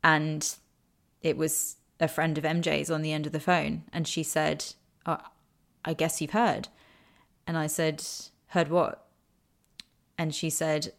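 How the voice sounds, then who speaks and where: Low-voiced woman telling her own story. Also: flat delivery, takes it slowly, vocal fry, long pauses. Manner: candid, emotional, swears freely. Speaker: recovery storyteller. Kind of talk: personal storytelling.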